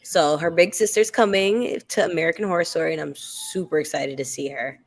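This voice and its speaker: A woman's voice: deep voice, fairly quick. A woman co-hosting a casual live after-show chat, talking loosely with lots of fillers and restarts. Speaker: co-host.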